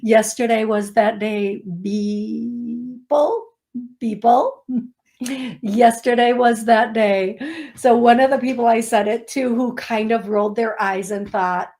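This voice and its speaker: A woman's voice: fairly high pitch, fairly even intonation, takes it slowly, darkish tone. A woman hosting a radio show as a psychic medium, telling stories in a chatty, laughing way. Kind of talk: casual chat. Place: radio studio.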